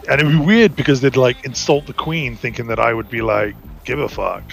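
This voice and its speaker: A man's voice: mid-range voice, fairly quick, vocal fry, soft background music. A man with an American accent with British undertones, chatting in a rambling way while gaming on stream, tagging "right?" onto his points. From United States. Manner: rambling, many "like" and "right?" tags. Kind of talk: casual chat while gaming.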